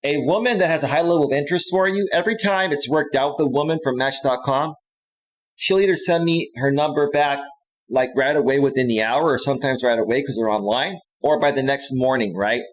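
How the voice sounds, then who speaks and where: A man's voice: medium pitch, fairly quick, low-quality recording. A man coaching in a casual livestream monologue, chatty and often checking in with his listeners, with frequent restarts and repeated phrases. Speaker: dating and life coach.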